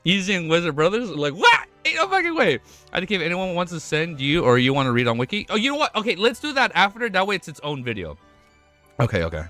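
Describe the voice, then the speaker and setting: Excitable young streamer guy, lively pitch. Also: quick pace, soft background music. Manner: excitable, swearing, trips over words, laughs often. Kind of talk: casual livestream chat.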